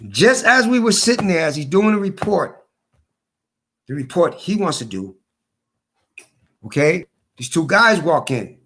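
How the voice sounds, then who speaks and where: A hoarse man telling his story in a casual monologue, repeating his points for emphasis. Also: fairly high pitch, very animated, measured pace, pauses often, a bit bright. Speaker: vlogger.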